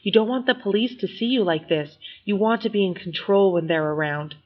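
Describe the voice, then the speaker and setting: A woman reading the lines of a reasonable, level-headed teenage girl trying to calm her brother. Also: mid-range voice, a little fast, dull audio, a little hiss or hum, natural voice. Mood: soothing.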